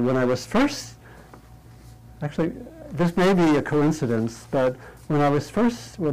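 A man leading a meditation class in an interactive talk, lighthearted and checking in with the group, thinking aloud through pauses and restarts. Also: mid-range voice, darkish tone, low-quality recording. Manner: light, humorous, often checks in with "right?". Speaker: meditation teacher.

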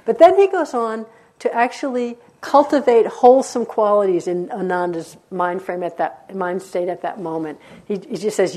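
A woman's voice: mid-range voice, normal speed. A woman meditation teacher giving a dharma talk, telling stories in a conversational way with frequent laughter. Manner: warm conversational storytelling, laughs often.

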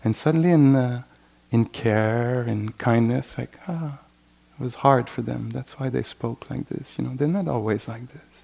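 Gravelly-voiced man giving a meditation talk. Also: mid-range voice, dark tone. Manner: reflective, unhurried, with frequent "you know"; acts out inner voices in quoted asides. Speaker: meditation teacher. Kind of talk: dharma talk.

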